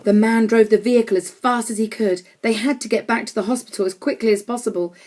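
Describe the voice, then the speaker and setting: A woman narrating a children's audiobook in a clear, measured storytelling manner. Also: on the high side, fairly even intonation, a little mellow.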